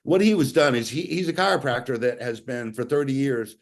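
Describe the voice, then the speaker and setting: A man telling a story in a folksy, animated way over a video call, acting out the dialogue he quotes. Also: medium pitch, a little fast. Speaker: guest sharing a testimonial. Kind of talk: casual storytelling.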